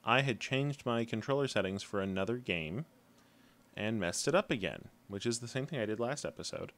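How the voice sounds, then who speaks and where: A man's voice: fairly low pitch, lively intonation, normal speed, a bit bright. A man live-streaming a video game, chatting casually and humming to himself as he plays. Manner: chatty, hums to himself while playing.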